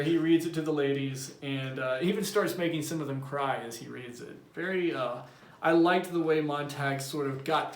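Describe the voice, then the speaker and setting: A man, a teacher, reading a novel aloud to his class in a plain, steady storytelling voice. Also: medium pitch. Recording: roomy echo.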